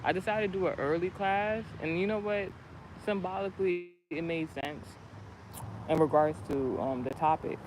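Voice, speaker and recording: A male vlogger tells a rambling, animated story in a casual spiritual vlog, restarting many times. His voice sits high and moves at a normal speed. It was recorded outdoors near a street, with passing cars adding background noise.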